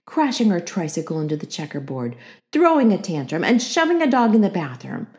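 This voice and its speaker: A woman narrating a children's book aloud with expressive storytelling. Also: lowish voice, fairly quick. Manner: expressive storytelling with acted character voices.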